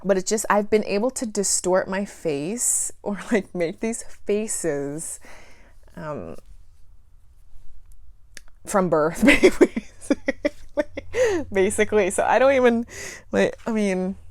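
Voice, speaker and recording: A woman's voice: mid-range voice, animated, takes it slowly, long pauses, a little mellow, dry recording. A woman chatting casually in a plant vlog, giggling often and rambling through self-deprecating asides. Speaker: plant YouTuber.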